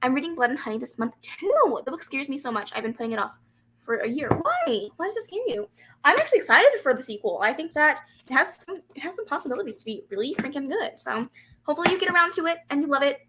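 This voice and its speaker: A woman's voice: high voice, very animated, fast talker, background noise. A young woman hosting a casual reading livestream, chatting animatedly and giggling as she answers comments. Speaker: booktube livestream host. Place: home room with a fan running.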